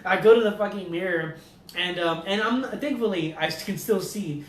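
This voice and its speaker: A man's voice: sits high, moderate pace. A man co-hosting a podcast, telling a story casually, laughing and swearing a lot. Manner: animated, profane, laughing storyteller. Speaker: podcast co-host. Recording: roomy echo, distant mic, faint noise.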